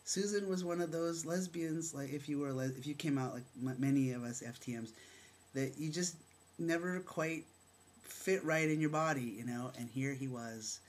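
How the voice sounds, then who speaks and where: Frank, animated middle-aged man storytelling. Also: on the high side. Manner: frank and animated, acts out remembered dialogue; halting, with many fillers and restarts. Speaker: storyteller sharing his own experience. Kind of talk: candid personal storytelling.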